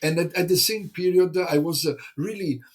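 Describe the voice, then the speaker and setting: An Italian man speaking English chats as a guest in casual conversation, hesitant and halting with plenty of fillers and restarts. His voice is high, husky and a little breathy.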